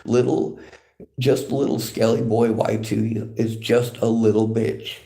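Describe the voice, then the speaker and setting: A man's voice: mid-range voice, level tone, takes it slowly, gravelly, warm tone. A man streaming from a library, reading chat comments aloud and answering them in a bitter, profane, lecturing rant. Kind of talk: angry livestream rant.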